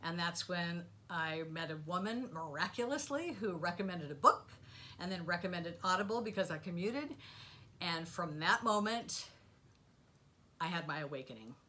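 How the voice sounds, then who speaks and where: Bright-voiced, animated middle-aged woman. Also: fairly low pitch, normal speed. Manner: animated, rambling, with sound effects and voiced asides. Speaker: spiritual vlogger. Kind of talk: casual storytelling monologue.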